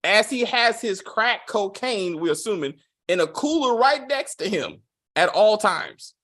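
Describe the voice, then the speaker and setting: A man's voice: sits high, unhurried. A man reviewing a TV series in casual, profane chat, mocking the plot with acted-out quotes. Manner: animated, swearing, mocking retellings with acted quotes. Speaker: TV show reviewer.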